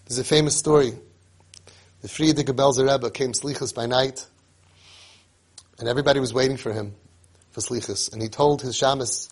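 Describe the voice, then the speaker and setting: Husky man preaching a sermon. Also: medium pitch, fairly quick. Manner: emphatic, repeats phrases, storytelling.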